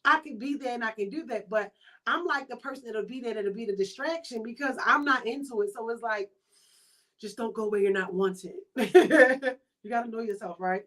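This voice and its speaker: A woman with a Baltimore accent hosting a podcast in casual chat, telling stories in a chatty, animated way with quoted asides. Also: a little high, normal speed. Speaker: podcast host.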